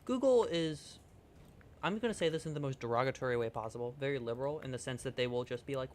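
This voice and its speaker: A man's voice: mid-range voice, fast talker. Guy streaming a game, goofy and rambly, jokes and swears, faint noise behind. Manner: playful, rambling, jokey, swears. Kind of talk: casual game livestream chat.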